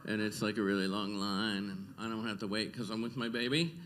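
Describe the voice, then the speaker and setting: Man doing pushy young mom, wheedling and repetitive, quick. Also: on the low side, steady tone, fairly bright tone, slight background noise, pitched below the performer's own voice, lightly acted. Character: pushy young mother using her baby.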